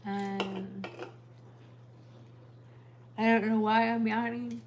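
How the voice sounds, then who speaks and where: A woman on a casual livestream, chatting with her husband and reading viewer comments aloud, rambling and relaxed. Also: fairly high pitch, very slow, a little hiss or hum. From United States. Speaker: livestream co-host.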